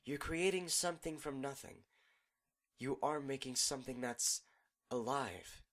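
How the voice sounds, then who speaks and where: A man voicing a gentle, teasing female pony princess in a fan audiobook reading. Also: medium pitch, a little slow, voice pushed up. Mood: encouraging.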